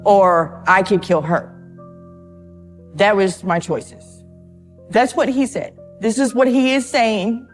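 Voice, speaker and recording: A nervous woman speaks haltingly in an interview, often repeating her words as she tells her account. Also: mid-range voice, soft background music. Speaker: interviewee in a true crime documentary. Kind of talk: emotional interview testimony.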